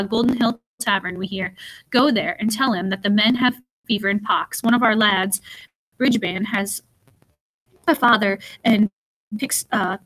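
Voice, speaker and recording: A woman reading an audiobook voices a nasty, greedy male prisoner who speaks in rough, coarse old-time talk. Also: mid-range voice, a bit bright, close to an everyday voice, rough recording.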